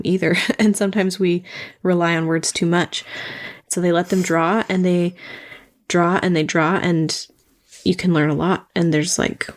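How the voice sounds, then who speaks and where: A woman co-hosting a podcast, talking thoughtfully and steadily about parenting. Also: lowish voice. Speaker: podcast co-host. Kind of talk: casual conversation.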